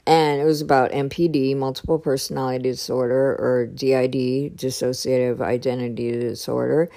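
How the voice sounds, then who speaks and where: A woman telling a personal story in a casual way, often pausing and hunting for the right words. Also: rumbling low, level tone, mellow. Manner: hesitant, searching for words.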